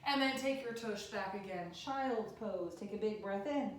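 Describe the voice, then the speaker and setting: A woman teaching a yoga class for children, giving gentle sing-song instructions. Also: medium pitch, normal speed. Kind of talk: guided kids' yoga class. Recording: echoey room, distant mic.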